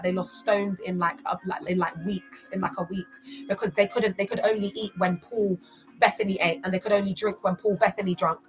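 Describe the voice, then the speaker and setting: A woman's voice: medium pitch, fairly bright tone. A young woman from West London with a London accent, giving casual vlog commentary in emphatic street slang full of rhetorical questions. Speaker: commentator on church cults.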